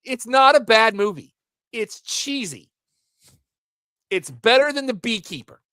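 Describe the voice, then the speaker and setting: A man co-hosts a casual podcast and works through movie plots in a rambling, animated way. His pitch swings widely as he talks. The sound is dry and close, with no room around it. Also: unhurried, smooth, no echo. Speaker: podcast co-host.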